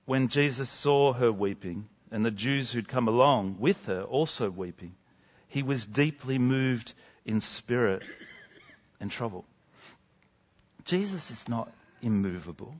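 Male preacher, mid-pitched, earnest sermon delivery with hushed dramatic drops; slightly muffled recording. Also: expressive, a little slow.

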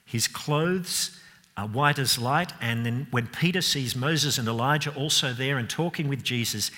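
A man preaching a sermon, expressive and emphatic, asking rhetorical questions and dropping to softer moments. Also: medium pitch. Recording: long hall reverb.

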